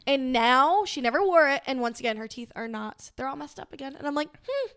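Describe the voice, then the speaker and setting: A woman's voice: high-pitched, a little fast, a bit bright, clean tone. A young adult woman guesting on a podcast, chatting casually and leaning on "like" a lot. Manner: chatty, leans heavily on "like".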